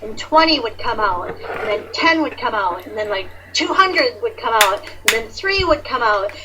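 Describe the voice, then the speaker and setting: A woman in casual conversation, telling a personal story in a chatty, animated way with many fillers. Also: on the high side, moderate pace, background noise. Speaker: guest sharing awakening story.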